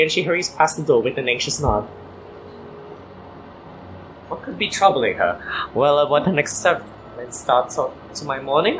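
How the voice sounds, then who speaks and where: A man with a worn-out, hoarse voice casually reading a visual novel aloud for a let's play, with apologetic asides. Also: fairly high pitch, a bit bright, a little hiss or hum. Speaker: gaming YouTuber.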